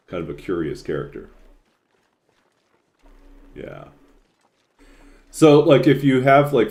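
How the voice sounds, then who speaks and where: A man's voice: sits low, darkish tone. A man streaming a game and chatting casually, rambling with lots of filler words and frequent chuckles. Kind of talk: casual chat while playing.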